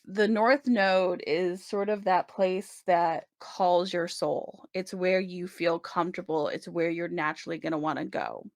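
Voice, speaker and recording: Woman tarot reader, lower register, gravelly edge, chatty and reassuring, dry close sound. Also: no room sound. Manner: chatty, reassuring, many "right?" check-ins. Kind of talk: casual tarot reading to camera.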